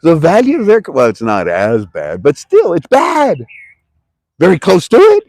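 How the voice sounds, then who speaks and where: A man from Ohio, talking to camera about currency in a rambling, animated way and sometimes shouting for emphasis. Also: a little high, unhurried, gravelly, dry recording, clean studio sound. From Toledo, Ohio. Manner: animated, shouts for emphasis, talks to himself in two voices. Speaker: currency commentary vlogger. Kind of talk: casual rambling talk to camera.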